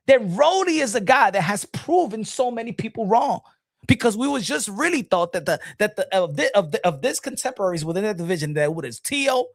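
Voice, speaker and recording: A male boxing streamer chats through a live stream, answering viewers in an excitable, slang-filled flow that often restarts. His voice swings widely in pitch and sits a little high for a man. The sound is dry and close. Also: dry recording. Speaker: boxing show host reading live chat. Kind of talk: casual live-stream commentary.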